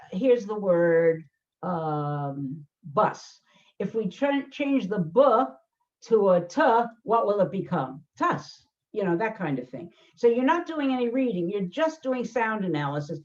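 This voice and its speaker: A woman's voice: medium pitch, darkish tone. An older woman, a learning specialist hosting a conversation, explaining emphatically with many fillers and restarts. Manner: emphatic, acts out quoted voices, frequent fillers and restarts. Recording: dull lo-fi sound.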